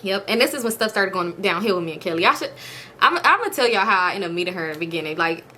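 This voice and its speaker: A young woman telling a storytime to her viewers, animated and blunt, acting out quoted dialogue in a raised voice. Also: mid-range voice, very fast, a little hiss or hum. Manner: blunt and profane, slangy. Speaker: storytime vlogger.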